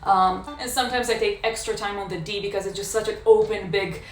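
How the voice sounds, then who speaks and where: A woman in a casual practice session, explaining how she practices a violin piece in a thoughtful way, pausing often with fillers. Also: medium pitch, fairly even intonation, a little hiss or hum. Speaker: violin teacher. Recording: echoey room with violin playing.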